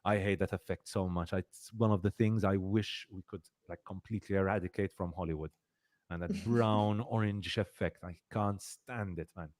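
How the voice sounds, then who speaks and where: A man with a fairly low voice hosts a casual review podcast. He rambles with lots of fillers and repeated words. He slips into emphatic complaints. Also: steady tone, normal speed, a little mellow. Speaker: podcast host.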